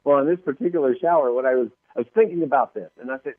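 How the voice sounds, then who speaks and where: Man, guest author, quick lively talker, tinny dry phone-line sound. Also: medium pitch, no room sound. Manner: lively, acts out quoted voices, laughs often. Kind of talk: animated interview storytelling.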